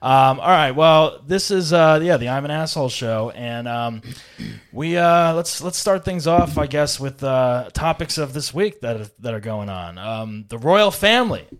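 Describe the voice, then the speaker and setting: A man's voice: mid-range voice, expressive, measured pace, clean tone. A man hosting a casual podcast, hesitant and full of fillers and restarts. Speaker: podcast host.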